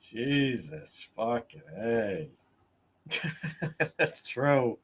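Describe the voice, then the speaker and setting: A man's voice: on the high side, unhurried, pauses often, breathy edge. A man hosting a livestream, telling stories in a casual, profane, laughing way. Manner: profane, laughing, animated storytelling. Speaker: livestream host.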